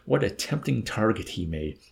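A man's voice: fairly low pitch, sing-song, normal speed, gravelly, heavily acted. A man doing a suave, mocking old villain. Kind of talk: audiobook character voice.

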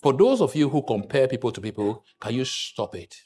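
Animated man preaching. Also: brisk, husky. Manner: animated preaching, jumping from hushed asides to loud high outbursts. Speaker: pastor. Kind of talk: sermon.

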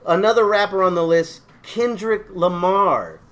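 A man's voice: high voice, measured pace, a bit bright. A man co-hosting a podcast, running a mock game show quiz with showy announcer delivery and teasing asides.

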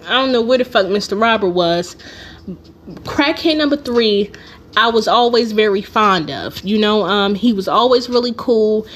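A woman's voice: medium pitch, moderate pace. A young adult woman hosting a podcast, telling a heated personal story in casual, profane talk. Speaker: podcast host.

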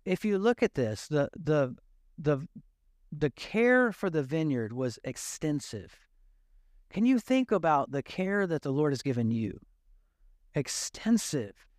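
A man with a notably high voice delivers a sermon in a relaxed, conversational way, tossing in jokes with his congregation. The sound is dry and close. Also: measured pace, no echo. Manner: casual, joking, conversational preaching. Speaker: pastor.

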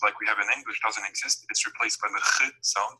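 Bright-voiced young man teaching on a call. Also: lowish voice, level tone, fast, husky, rough recording. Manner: explains patiently with many fillers and restarts. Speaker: language tutor. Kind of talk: casual online lesson. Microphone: video call.

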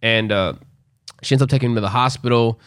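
A man's voice: medium pitch, quick pace. Young man telling a loose, profane story. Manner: loose, profane, animated storytelling with acted quotes. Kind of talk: casual storytelling chat.

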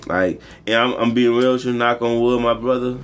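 A man's voice: mid-range voice, flat delivery, moderate pace, slight background noise. A man co-hosting a casual sports podcast, joking and cursing, slipping into mock voices. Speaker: podcast co-host.

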